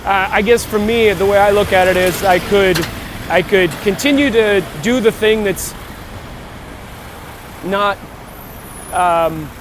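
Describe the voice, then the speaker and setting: Out walking one morning close to traffic, a man records a casual vlog over background noise. His voice is high and his delivery slow, broken by long pauses as he muses aloud, wanders off topic, and restarts his sentences.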